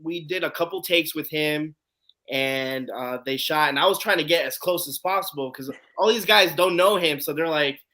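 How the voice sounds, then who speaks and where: A man's voice: on the high side, moderate pace. A man hosting a live online show, telling a long story in a casual way and acting out what people said. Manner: animated storyteller acting out quotes. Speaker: host.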